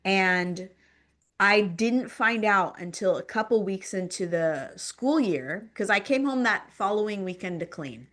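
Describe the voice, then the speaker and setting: A woman's voice: medium pitch, animated, measured pace, fairly bright tone. A woman guest on a podcast telling her personal story in conversation, rambling with many fillers and repeating phrases for emphasis. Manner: rambling, filler-heavy speech with frequent "like" and "um".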